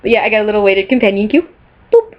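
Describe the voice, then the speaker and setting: Woman vlogger, mid-pitched, excitable and rambling, giggles often, slightly dull lo-fi recording. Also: quick pace. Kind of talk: casual chat showing off purchases.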